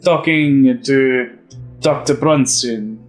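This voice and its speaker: A man voicing a fussy, wealthy Italian museum curator who hates germs, with a put-on Italian accent and halting, hesitant speech full of fillers. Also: mid-range voice, faint music behind, lightly acted. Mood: evasive.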